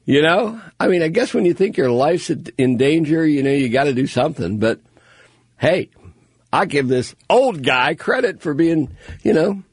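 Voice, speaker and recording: A man hosting a call-in radio show in a studio, chatting and telling stories in an animated, offhand way. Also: fairly high pitch, moderate pace, husky, dry recording. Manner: chatty, animated storytelling with asides. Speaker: radio talk show host. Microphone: studio microphone.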